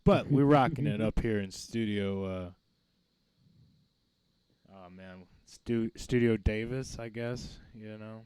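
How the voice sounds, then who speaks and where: Slangy, joking low-voiced man. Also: slow pace, a little mellow, smooth, dry recording. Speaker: podcast co-host. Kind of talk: casual podcast chat.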